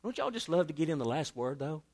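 A male pastor preaching a sermon, animated and repeating phrases for emphasis. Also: a little high, fast talker.

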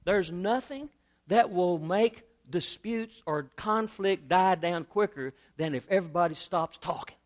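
A male pastor preaching a sermon, animated and repeating phrases for emphasis. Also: high-pitched, unhurried.

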